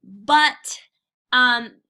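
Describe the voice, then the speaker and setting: A woman's voice: high voice, drawn-out words, pushed and bright, clear, resonant tone. A woman teacher giving a casual recorded class lecture, chatty and full of fillers.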